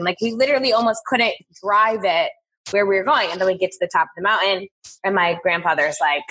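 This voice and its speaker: A woman guest on a remote call, chatting casually and telling stories in a blunt, profane, animated way. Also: medium pitch, quick pace, slightly rough, rough recording. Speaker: podcast guest. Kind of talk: casual chat.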